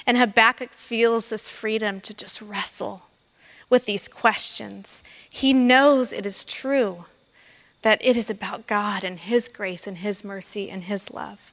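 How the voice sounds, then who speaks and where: A woman's voice: mid-range voice, fairly even intonation, a bit bright. Woman preaching in a reverberant church. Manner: earnest, emphatic, slows down on key phrases. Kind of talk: sermon. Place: church sanctuary. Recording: long reverb of a church hall.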